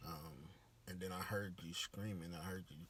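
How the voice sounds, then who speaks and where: A man calmly chiming in on a vlog conversation and explaining things matter-of-factly. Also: sits low, normal speed, slight background noise. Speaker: vlog co-host. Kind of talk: casual conversation.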